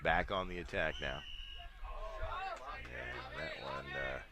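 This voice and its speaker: A man giving relaxed, chatty live commentary on a lacrosse game at an outdoor stadium, with dry humor and frequent fillers. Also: extremely low pitch, takes it slowly, over a noisy crowd, very noisy. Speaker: play-by-play commentator.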